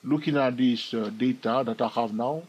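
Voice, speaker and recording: A man's voice: medium pitch, moderate pace, breathy edge, lo-fi sound. A man hosting a trading video, chatting casually through a chart walkthrough and often asking viewers questions. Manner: chatty, asks viewers questions, frequent "all right?".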